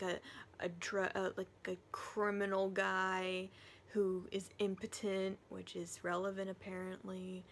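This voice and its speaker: A woman talking through her monthly reading in a chatty, animated book review vlog, now and then dropping to a whisper. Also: mid-range voice.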